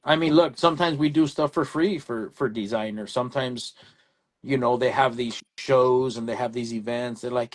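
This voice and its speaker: A man's voice: medium pitch, fairly quick. A man, an electrical contractor, telling a story in casual chat and acting out both sides of a phone exchange. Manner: animated storyteller, acts out phone dialogue.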